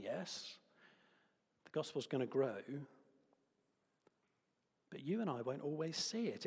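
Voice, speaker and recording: A man preaching a lively sermon with playful asides and props in a church. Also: mid-range voice, creaky, slightly rough. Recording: long hall reverb.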